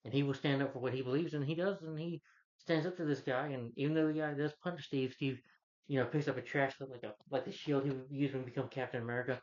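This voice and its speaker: Male movie reviewer, average pitch, casual rambling recap, earnest, muffled home-recording quality. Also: steady tone, fast talker. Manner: rambling, loose retelling with restarts; earnest, heartfelt asides.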